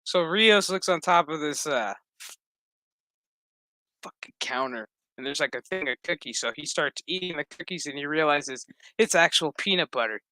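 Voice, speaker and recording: A man's voice: a little high, moderate pace, pushed and bright, no room sound. A man giving a rambling, profane recap of a TV episode, acting out the characters' lines as he goes. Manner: rambling, profane, acts out quotes. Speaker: show recap reviewer.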